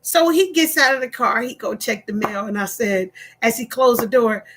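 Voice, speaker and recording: A woman telling a story to her livestream viewers in an animated way, repeating phrases and checking in with them. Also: a little high, normal speed, background noise. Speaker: online storyteller.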